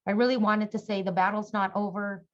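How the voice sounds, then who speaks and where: A middle-aged woman speaking as a conference panelist, earnest and halting with many fillers. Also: mid-range voice, level tone, highs cut off. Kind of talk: conference presentation.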